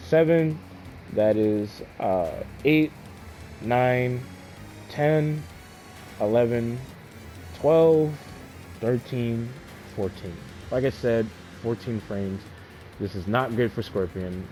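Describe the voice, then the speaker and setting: A man's voice: on the low side, darkish tone. A man giving a casual gameplay tutorial as a fighting game player, explaining loosely and often checking in with the listener.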